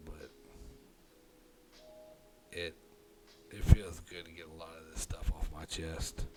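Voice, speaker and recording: A man streaming alone, talking through his thoughts in a rambling, halting way, often swearing and putting on a southern drawl. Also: a bass voice, little pitch movement. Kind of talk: casual live-stream monologue. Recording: loud music behind the voice.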